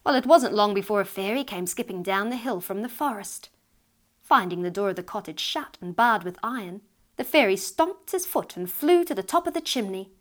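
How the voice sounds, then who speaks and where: A woman narrating a storybook tale aloud in a lively, expressive reading voice. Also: medium pitch, brisk.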